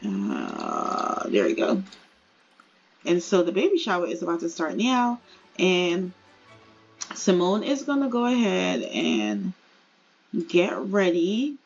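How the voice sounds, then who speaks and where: A woman giving chatty, excitable commentary as she plays a life-simulation game. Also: on the low side, takes it slowly, pauses often, husky, dull audio, soft background music. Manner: chatty, excitable, laughing asides. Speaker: gaming creator. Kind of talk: casual gameplay commentary.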